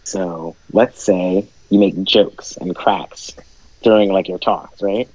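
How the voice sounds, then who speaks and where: A man's voice: low-pitched, fairly even intonation, slow, a little mellow, dry recording. A man chiming in on a casual podcast chat with joking interjections. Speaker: co-host chiming in. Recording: dull lo-fi recording.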